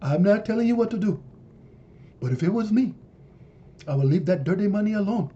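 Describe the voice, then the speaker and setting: A man voicing an older male African president who gives measured, gentle warnings, on a dull lo-fi recording. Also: high-pitched, expressive, a little hiss or hum, pitched above the performer's own voice. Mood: calm warning.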